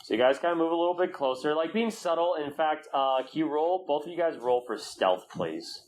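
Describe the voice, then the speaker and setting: A man's voice: on the high side, animated, a little fast, noisy background. Man running a tabletop game. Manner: loose and hesitant, many fillers. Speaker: game master.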